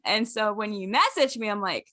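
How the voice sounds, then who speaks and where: A woman's voice: medium pitch, animated, moderate pace, pushed and bright. A woman hosting a casual fan podcast, speaking in an earnest, giggly way. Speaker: podcast host.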